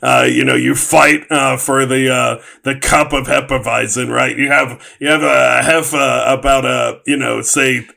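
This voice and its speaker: Male co-host, very gravelly bright voice, joking sports banter. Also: medium pitch, measured pace, hardly any pauses. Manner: joking, spins tall comic scenarios. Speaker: podcast co-host.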